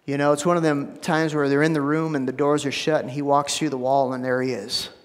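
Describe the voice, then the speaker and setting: A man's voice: fairly high pitch, flat delivery, a little fast, big-room sound. A man preaching a sermon as pastor, casual and conversational, with repeated words and asides. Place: church sanctuary.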